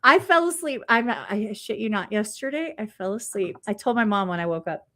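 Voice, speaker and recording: A woman chatting casually, telling animated stories and swearing freely. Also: mid-range voice, moderate pace. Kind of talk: casual chat.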